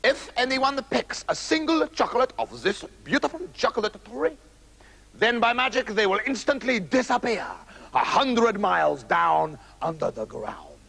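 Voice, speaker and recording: A man's voice: high-pitched, sing-song, measured pace, vocal fry, a bit bright, slightly rough, exaggerated voice, rough recording. A man voicing a doting, pompous old king who proclaims theatrically. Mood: proclaiming.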